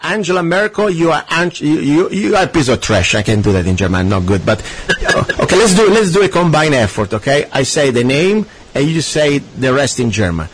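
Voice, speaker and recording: A man's voice: fairly high pitch, big pitch swings, brisk, few pauses, slight background noise. A man from Italy with an Italian accent, hosting a talk radio show in a sarcastic, ranting, emphatic way. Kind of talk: talk radio chat with a guest.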